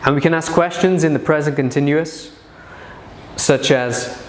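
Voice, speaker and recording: A man teaching an English grammar lesson, speaking slowly and deliberately and repeating his example sentences. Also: on the high side, reverberant, slight background noise.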